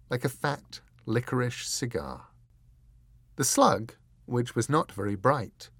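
A man reading an audiobook in measured, deliberate scripted narration, close to the mic. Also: mid-range voice, gravelly, a bit bright, no echo.

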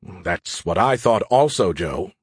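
A man voicing a condescending, know-it-all male ship AI that lectures in a husky, dry voice. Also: mid-range voice, animated, a little fast, no echo. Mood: smug.

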